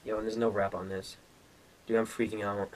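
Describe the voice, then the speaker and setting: A young man hosting a casual unboxing vlog, excited and slangy, calling his viewers bro. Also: fairly low pitch, brisk, slight background noise. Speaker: gaming youtuber.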